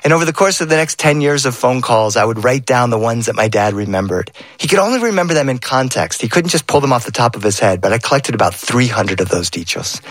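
A middle-aged man telling a family story aloud, playful and animated, slipping in sayings and voices. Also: medium pitch, fast talker, hardly any pauses, no echo. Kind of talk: oral storytelling.

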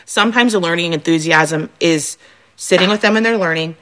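A woman's voice: fairly low pitch, fairly quick. A woman in her thirties, a mother and podcast guest, chatting casually and acting out her kids' voices as she tells stories. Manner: animated storyteller, acts out her kids' voices. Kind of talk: casual chat.

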